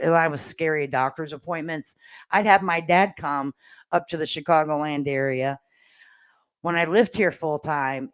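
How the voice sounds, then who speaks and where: A woman hosting a casual livestream and reading viewer comments aloud. She talks in a chatty way, laughs often and swears casually. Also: low-pitched.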